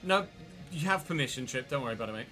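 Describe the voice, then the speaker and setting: A man's voice: medium pitch, expressive, racing, pushed and bright, soft background music. A man streaming a football video game, swearing and chatting with his viewers as he plays. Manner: sweary, chatty, answering chat mid-game. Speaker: gaming streamer. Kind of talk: livestream gameplay commentary.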